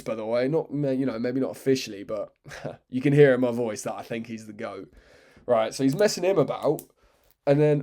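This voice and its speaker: A man's voice: mid-range voice, mellow. A man giving unscripted, rambling commentary, swearing freely and often cutting himself off, with a sarcastic edge. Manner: rambling, swearing, self-interrupting. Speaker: MMA commentary vlogger.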